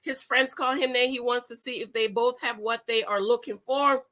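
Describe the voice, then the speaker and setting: A woman's voice: on the high side, steady tone, moderate pace, sharp tone. A woman recapping a reality dating show in a casual vlog, gushing and rambling with frequent self-corrections.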